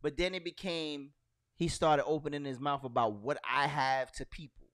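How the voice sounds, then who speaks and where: A middle-aged man tells stories in a relaxed podcast chat, slipping into voices to act out what people said. His voice sits a little high for a man, and the sound is dry and close. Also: moderate pace, no echo. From New York. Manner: animated storytelling with acted-out quotes and slang. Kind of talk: casual chat.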